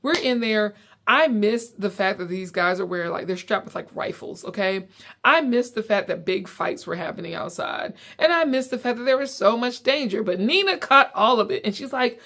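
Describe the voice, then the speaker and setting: A young adult woman from South Carolina telling a casual story on her own podcast, acting out quotes with big jumps in pitch. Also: expressive, brisk, fairly bright tone. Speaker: podcast host and comedian. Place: at home.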